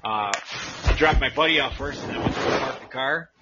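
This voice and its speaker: A man's voice: mid-range voice, a little fast. A man co-hosting a casual podcast, telling rambling, profane stories from his school days and laughing often. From Massachusetts. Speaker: podcast co-host. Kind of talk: casual chat. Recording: dull lo-fi with faint noise.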